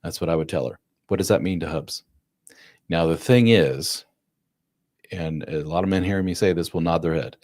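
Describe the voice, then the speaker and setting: A man's voice: sits low, moderate pace, no room sound, studio quality. A man hosting a live chat, giving blunt, casual relationship advice to viewers' questions and calling them man and dude. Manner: animated, acts out quoted voices. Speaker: host giving relationship advice to divorced dads.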